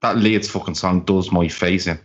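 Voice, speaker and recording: A man's voice: low voice, steady tone, moderate pace. A man, co-hosting a football podcast with blunt, sweary rants. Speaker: podcast co-host. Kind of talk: casual football banter. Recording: dull, lo-fi call audio.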